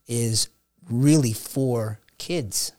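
A man's voice: medium pitch, very slow, darkish tone. A man in a mid-range voice hosts a conversational interview. He reflects aloud and builds his points step by step. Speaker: podcast host.

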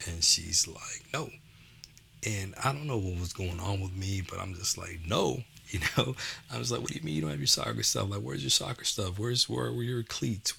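Male educator, motivational talk, conversational; bright, gravelly delivery. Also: low voice, a little hiss or hum. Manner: conversational, frequent "you know" and "okay?" check-ins. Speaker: educator and father. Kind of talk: motivational talk to parents and teachers.

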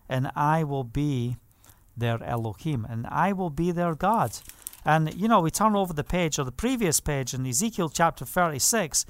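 High-voiced emphatic male preacher. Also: a bit bright, no echo. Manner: emphatic, punctuates with hallelujah. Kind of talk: sermon.

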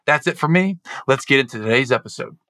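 A man's voice: medium pitch, animated, quick pace, a bit bright, no echo. A man from the United States hosting a podcast, upbeat and effusive as he reads an ad and welcomes his guest. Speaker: podcast host.

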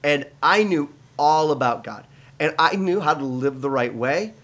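A man's voice: fairly high pitch, lively intonation, measured pace, fairly bright tone. A middle-aged man from the United States, a pastor, telling his personal testimony in an interview, earnest and full of restarts and fillers.

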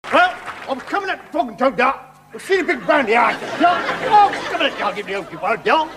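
A man's voice: very high-pitched, big pitch swings, brisk, a crowd in the background, noisy background. A man playing a cheeky rambling Englishman with a thick Cockney accent and mumbled jokey patter, recorded in front of a laughing studio audience. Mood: wheedling. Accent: thick Cockney put on. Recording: TV show clip with loud studio audience.

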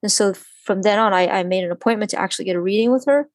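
Woman guest, chatty storyteller, lively delivery, dry close sound. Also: medium pitch, racing, no room sound. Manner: animated, acts out quoted voices, lots of "like". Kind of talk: personal storytelling in conversation.

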